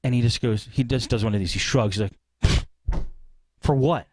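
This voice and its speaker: A man hosting a podcast, telling a long story in a rambling, animated way and acting out what people said. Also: fairly low pitch, quick pace, a little hiss or hum. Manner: rambling, animated retelling with acted-out quotes. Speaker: podcast host. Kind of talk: casual storytelling.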